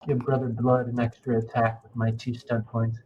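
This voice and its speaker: A man's voice: mid-range voice, monotone, normal speed, muffled recording, a little hiss or hum. A man playing a tabletop game, chatting casually and a bit hesitantly. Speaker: player.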